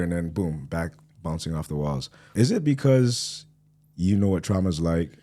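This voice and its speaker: Laid-back low-voiced podcast host. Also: male voice, moderate pace. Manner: laid-back, slangy, animated when quoting people. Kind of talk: casual interview chat.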